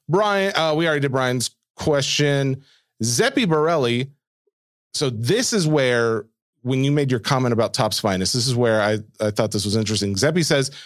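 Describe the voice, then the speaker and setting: A man co-hosting a casual card-collecting podcast, reading listener questions aloud with loose, pausing delivery. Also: medium pitch, dry recording, studio quality. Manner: relaxed, reads listener questions with filler pauses. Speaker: podcast co-host reading mailbag. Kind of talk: casual chat.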